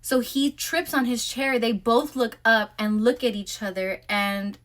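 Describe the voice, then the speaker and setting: A woman's voice: on the high side, fairly even intonation, a little slow, fairly bright tone. Woman talking thru a book recap, super chatty, says like a lot. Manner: chatty, lots of "like" fillers.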